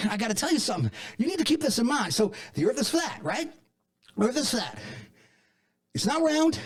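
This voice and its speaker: A man playing a paranoid, rambling flat-earth conspiracy theorist and chain smoker, in a comedic monologue to camera. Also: high-pitched. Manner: rambling, digressive, self-contradicting; defensive, insists he is not crazy. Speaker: comedy character host.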